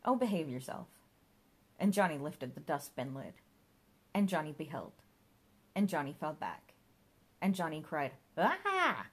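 Woman reading a funny book aloud, low husky voice, wry. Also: normal speed, long pauses, a little mellow. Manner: wry, comic. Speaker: audiobook narrator. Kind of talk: storybook narration.

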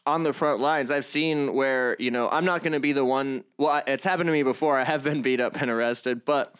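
A man's voice: medium pitch, steady tone, a bit bright, clear, resonant tone. A young man, a comedian and activist, talking earnestly in an interview, stopping and restarting his sentences often. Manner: halting, many restarts and fillers, earnest. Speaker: guest, comedian and activist vlogger. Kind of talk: conversational interview.

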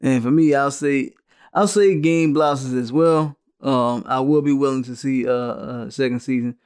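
A man's voice: medium pitch, steady tone, normal speed, darkish tone, clean tone. A man hosting a podcast in casual chat, rambling in an easygoing way. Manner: easygoing, rambling with fillers and restarts. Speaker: podcast host.

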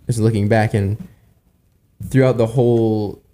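A man's voice: lowish voice, steady tone, measured pace, dark tone. A man in his twenties sharing earnestly in a casual church panel discussion, rambling and often checking in with his listeners. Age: 20s. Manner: earnest, rambling, tags lines with "right?". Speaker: church worship musician on panel.

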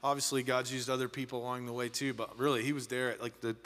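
A man's voice: mid-range voice, flat delivery, fast talker, a bit bright. A man, a church pastor, introducing a guest speaker with effusive praise. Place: church hall. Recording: long church hall reverb.

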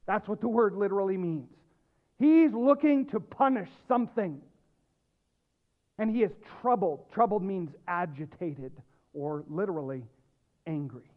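A male pastor preaching a sermon, emphatic, dropping low and quiet and then rising with loud stress. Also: animated, a little slow. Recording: tinny phone-like lo-fi sound.

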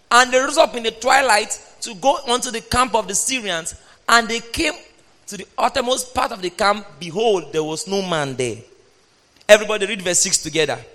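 A man preaching a sermon, reading scripture aloud and speaking emphatically, at times shouting. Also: high-pitched, normal speed. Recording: long hall reverb.

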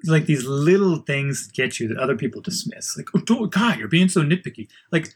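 A man's voice: a little high, expressive, a little fast, slightly rough. A man in a casual chat who tells stories with animation and acts out other people's voices, and sits on a town committee.

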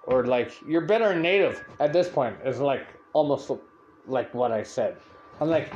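A young man hosting a podcast, telling a story in a profane, animated rant. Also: mid-range voice, normal speed, lo-fi sound, slight background noise. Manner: swears constantly, animated and rant-like. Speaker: podcast host.

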